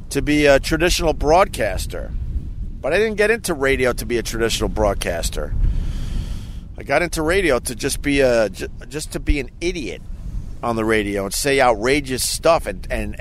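A middle-aged man from Long Island, a radio host, rambling casually in a self-mocking way outdoors on a quiet beach, breaking now and then into loud mock rants. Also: medium pitch, a little hiss or hum. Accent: faint Long Island. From Long Island, New York. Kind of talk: casual outdoor vlog monologue.

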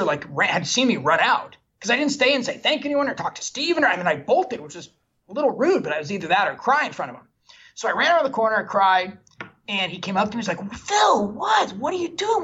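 A man with a husky, slightly breathy voice spins a candid, self-deprecating story from his career as a guest on an interview show. The recording is dull and lo-fi. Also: sits high, sharp tone. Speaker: film director guest. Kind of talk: animated anecdotal storytelling.

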